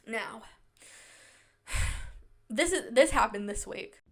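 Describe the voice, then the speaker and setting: A woman's voice: a little high, fairly bright tone. A woman in her twenties hosting a podcast, telling stories from her own life in a chatty, self-mocking way with a sarcastic edge. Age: 20s. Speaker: podcast host. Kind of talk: casual chat.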